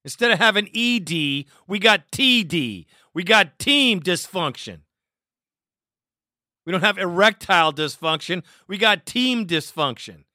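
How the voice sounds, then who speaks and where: A man's voice: sits high, animated, measured pace, sharp tone, dry recording, studio quality. A man hosting a sports talk show, ranting in a heated, profane way and taking listener calls. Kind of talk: angry fan talk show rant.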